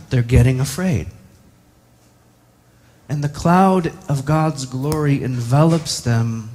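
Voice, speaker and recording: A man's voice: medium pitch, darkish tone. A man preaching a sermon, reflective and posing many rhetorical questions to the congregation.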